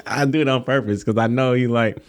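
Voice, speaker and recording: A man's voice: mid-range voice, fairly quick. A man who coaches college sports, telling stories in a casual interview and acting out what others said. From Kenosha, Wisconsin. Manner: animated storytelling, acts out quotes in a raised voice.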